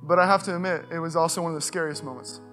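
A male pastor with a Californian accent preaching a sermon, telling a personal story in a casual, animated way that builds to urgent calls. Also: on the high side, racing, soft background music. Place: church stage.

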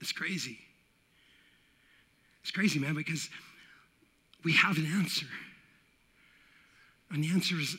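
A man preaching a casual, conversational sermon, often checking in with "all right" and building to loud high points. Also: fairly even intonation, takes it slowly, pauses often, breathy edge. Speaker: pastor.

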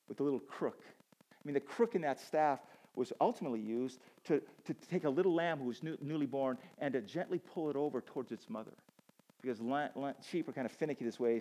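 A man preaching a sermon, animated and joking, often repeating words as he stumbles. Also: mid-range voice, low-quality recording. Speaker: pastor.

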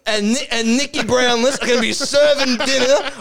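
A man voicing a brash, rowdy male former footballer, ranting and shouting. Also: extremely high pitch, fast, voice pushed up. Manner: shouting, rambling rant.

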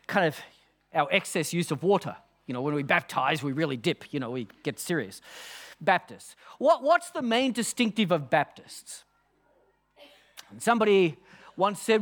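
A man preaching a sermon from the pulpit. His voice sits high and swoops widely as he builds to emphasis. He reads quotations aloud with earnest weight. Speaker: pastor.

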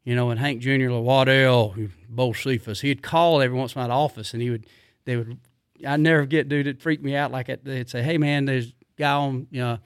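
A middle-aged man, telling rambling stories in a casual, animated way, full of fillers. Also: mid-range voice, fast, clear, resonant tone, dry recording, clean studio sound. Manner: rambling, animated, drawling Southern speech with repeated fillers. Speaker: podcast guest. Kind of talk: casual storytelling.

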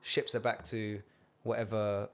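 A man's voice: lowish voice, little pitch movement, unhurried. A man, co-hosting a podcast in casual, sardonic banter full of dry asides. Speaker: podcast co-host.

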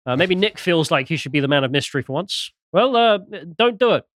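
A British man co-hosts a podcast, reading out news stories with mocking, sarcastic commentary that swings into jokey mimicry. His voice is on the high side and a bit bright, with lively intonation and a slightly fast pace, in studio-quality audio with no echo.

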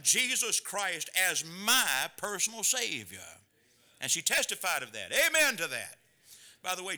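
Bright-voiced preaching man with loud bursts. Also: high voice. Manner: preaching with sudden loud bursts and quiet drops. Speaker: pastor. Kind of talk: sermon.

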